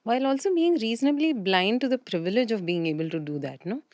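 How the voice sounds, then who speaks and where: A woman's voice: fairly high pitch, animated, fast, a little mellow, dry recording. A woman co-hosting a casual career podcast, giving wry and thoughtful commentary. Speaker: podcast co-host. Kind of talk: casual conversation.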